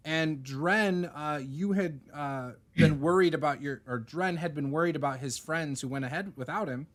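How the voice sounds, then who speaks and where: A man's voice: on the high side, fairly bright tone. A man running a tabletop game over a video call, narrating loosely with many fillers. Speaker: game master.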